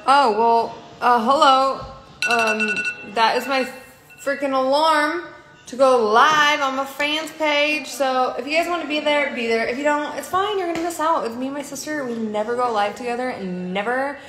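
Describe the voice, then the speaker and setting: A woman's voice: sits high, normal speed, fairly bright tone, soft background music. Young woman, tired, blunt live-streamer; slightly raised voice, phone mic in a reverberant room. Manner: blunt and offhand, calls viewers darling. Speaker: livestream host. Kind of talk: casual live-stream chat.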